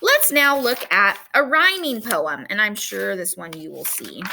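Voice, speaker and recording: A woman's voice: medium pitch, measured pace, vocal fry, a little hiss or hum. A woman teacher giving a recorded lesson to students, talking to them directly and stressing key points. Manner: lively, emphatic, talks straight to students.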